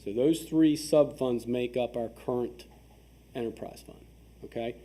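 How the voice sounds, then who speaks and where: A man with a very dark, mellow voice and an average pitch walks a town meeting through budget figures. He is methodical, stopping often to ask "okay?", and he restarts a phrase now and then as he reads out the numbers. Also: a little slow. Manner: frequent restarts and fillers while reading numbers. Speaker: town official presenting finances. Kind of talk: explaining budget figures at a public work session.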